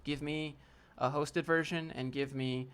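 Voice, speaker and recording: A man's voice: a little high, steady tone, measured pace, fairly bright tone, clear, resonant tone. Blunt casual man hosting a livestream. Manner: blunt, answers chat questions and critiques a viewer's portfolio; casual slang, calls viewers fam and dude. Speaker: livestream host. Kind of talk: casual live Q&A. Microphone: desk setup with a DSLR camera.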